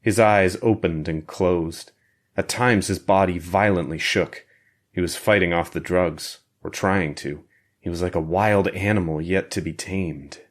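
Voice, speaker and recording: Deep-voiced man narrating a thriller. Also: measured pace. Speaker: audiobook narrator.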